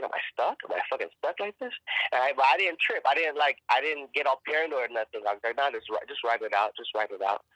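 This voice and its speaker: A man's voice: mid-range voice, bright, forceful tone, dry recording, low-quality recording. A man, an actor guest on a podcast, telling a personal story in a casual, emphatic way, swearing freely and often repeating and restarting words.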